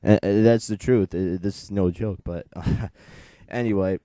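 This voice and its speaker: A man's voice: on the low side, steady tone, a little slow, mellow, no room sound. A young man in his late teens, chatting casually as he reviews a comic book and retells its plot in a rambling, digressive way.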